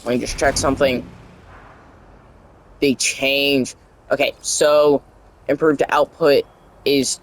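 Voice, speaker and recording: Slow, halting man fading voice. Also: mid-range voice, a little hiss or hum, low-quality recording. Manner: halting, reads on-screen game text aloud, stumbles over words. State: losing his voice. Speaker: gaming channel creator. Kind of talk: casual game tutorial narration.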